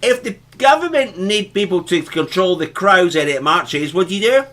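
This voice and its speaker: Excitable man ranting in casual chat. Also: high voice, normal speed. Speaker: co-host. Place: Tenerife.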